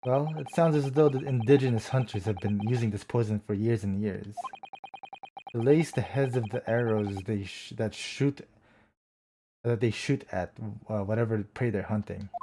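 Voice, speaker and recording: A man streaming a courtroom game, reading every character's lines aloud with excitable reactions of his own. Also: on the low side, moderate pace, a little hiss or hum. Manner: switches between character voices, excitable reactions. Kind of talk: voicing all characters in a game playthrough.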